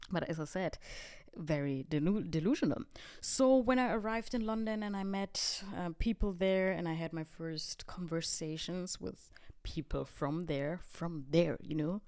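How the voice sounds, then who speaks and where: A woman's voice: fairly low pitch, a little mellow. Chatty, self-mocking young woman podcaster. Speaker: podcast host. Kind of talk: casual storytelling monologue.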